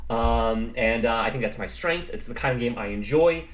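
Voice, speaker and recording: A man's voice: mid-range voice, normal speed. A man casually recapping his club chess game, rambling and self-deprecating, with many fillers and restarts. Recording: roomy echo.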